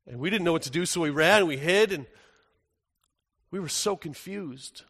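A man playing the apostle John as an older man in a first-person dramatic monologue, earnest, moving between hushed and urgent. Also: a little high, normal speed, husky. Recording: echoey hall with long reverb.

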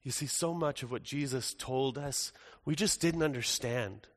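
A man playing the apostle John as an older man in a first-person dramatic monologue, earnest, moving between hushed and urgent. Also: medium pitch, unhurried, natural voice. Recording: echoey hall with long reverb.

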